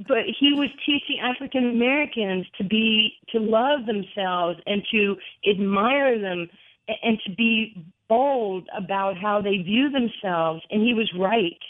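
A woman in her sixties from New York, a former basketball player telling animated stories as a guest, laughing often, heard over a phone line. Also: mid-range voice, a little slow, dry recording. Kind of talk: storytelling interview over the phone. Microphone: telephone. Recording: tinny phone line, dry.

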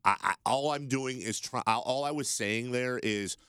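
A man's voice: medium pitch, bright, forceful tone, clean tone, no echo, clean studio sound. A man hosting a sports radio talk show, stumbling and correcting himself as he steers the segments. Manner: halting, self-correcting, plays segment host. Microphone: studio microphone.

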